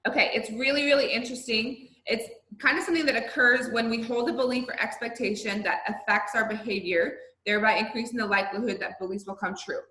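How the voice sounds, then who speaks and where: A woman's voice: on the high side, fairly even intonation, fast, few pauses, sharp tone, echoey room, poor audio. A woman, a college instructor, giving a recorded online lecture in a conversational way, often checking in with her students. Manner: conversational, checks in with "right?" and "okay?". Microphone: video call.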